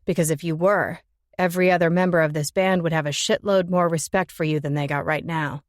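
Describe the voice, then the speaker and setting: A woman's voice: deep voice, steady tone, brisk, dry recording, clean studio sound, voice pushed down, natural voice. Woman doing a scoffing young rocker guy. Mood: lecturing. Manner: scoffing, needling. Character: blunt mocking young male rock musician.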